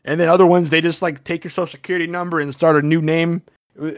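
A high-voiced man hosts a casual movie review podcast, rambling and making self-deprecating jokes. His voice is dry and close, on a dull lo-fi recording. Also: flat delivery, quick pace, no room sound. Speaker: podcast host.

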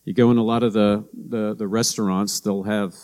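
A man's voice: lowish voice, little pitch movement, moderate pace, darkish tone. A middle-aged man delivers a sermon as a pastor. He talks casually and tells stories, slipping into the voices of the people he quotes. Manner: conversational storytelling, with anecdotes and acted-out quotes.

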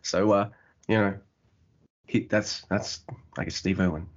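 A man's voice: low-pitched, steady tone, measured pace, dull audio. A man from Australia with an Australian accent, co-hosting a casual podcast chat, laughing often and swearing freely. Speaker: podcast co-host.

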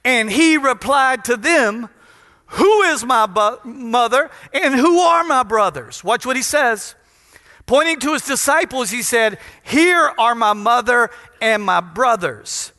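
A man from Louisiana preaching to a congregation in a joking, emphatic way, his voice pitched very high for a man and bright. The sermon rings out with a long reverb in a big church hall. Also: lively intonation, takes it slowly. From Louisiana, USA. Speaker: pastor. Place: large church in front of a congregation.

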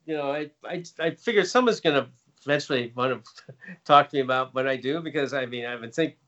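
An upbeat American man chats as a guest, laughing often and restarting his sentences. His pitch sits in the middle range. The call audio is dull and lo-fi. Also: brisk, pushed and bright. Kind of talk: casual chat.

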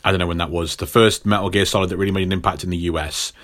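A man co-hosting a casual podcast, telling stories in an animated, jokey way. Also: low-pitched, rapid-fire. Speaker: podcast co-host.

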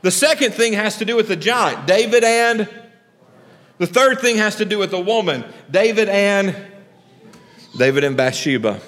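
A man preaching a Sunday morning sermon, animated and conversational, asking the congregation questions and acting out the people in the story. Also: normal speed, long reverb tail. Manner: animated preaching, drops low and quiet for God's lines. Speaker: pastor.

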